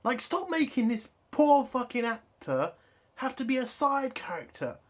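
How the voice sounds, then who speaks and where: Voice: high voice, sing-song, unhurried. Profane, exasperated ranting reviewer. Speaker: TV show reviewer.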